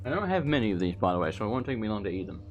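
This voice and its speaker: A man's voice: lowish voice, big pitch swings, racing, a little mellow. Chatty, rambling male game commentator. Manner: rambling and chatty, swearing, eating while talking. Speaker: let's play commentator. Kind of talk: casual gameplay commentary.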